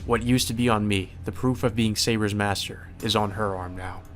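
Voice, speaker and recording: Lets play guy reading the story out, kinda low voice, cusses when stuff goes bad. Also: steady tone, moderate pace, soft background music. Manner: plain narration with sudden swearing asides. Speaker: let's play host. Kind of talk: reading a visual novel aloud.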